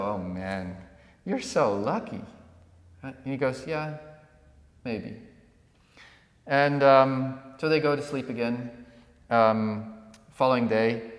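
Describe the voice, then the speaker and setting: Man telling a story in an echoey room. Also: medium pitch. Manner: animated storyteller who acts out villagers. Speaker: podcast co-host. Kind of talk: conversational storytelling. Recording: echoey room with long reverb.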